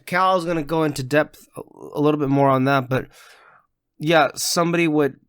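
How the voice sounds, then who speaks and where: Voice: mid-range voice, fairly even intonation, brisk, smooth, no room sound, clean studio sound. A podcast co-host chatting casually in a show reaction, thinking aloud with restarts and hedges.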